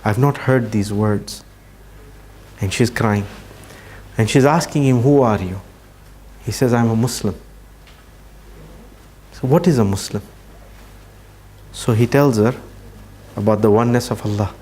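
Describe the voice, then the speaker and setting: A man giving a religious talk, telling a story earnestly and slowing down for emphasis. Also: lowish voice, a little mellow. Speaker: Islamic speaker.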